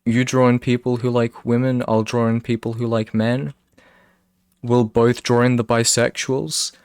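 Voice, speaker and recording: A man's voice: medium pitch, flat delivery, unhurried, a little mellow, clean tone, dry recording. A young man with a British accent, a streamer chatting casually and rambling with his viewers. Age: young adult. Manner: rambling, self-interrupting, laughs often.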